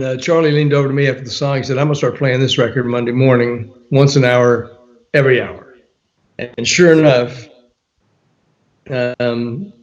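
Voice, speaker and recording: A man's voice: medium pitch, highs cut off. An older man, an author and former radio promo man, telling a story in an interview, laughing often and acting out quotes. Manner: animated storyteller, laughs often, frequent fillers, quotes people in dialogue.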